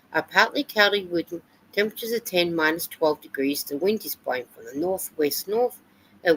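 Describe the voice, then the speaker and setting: An Australian woman with a lowish voice hosts a live stream, chatting casually and reading viewer comments and weather reports aloud with fillers. The audio is poor, with slight background noise.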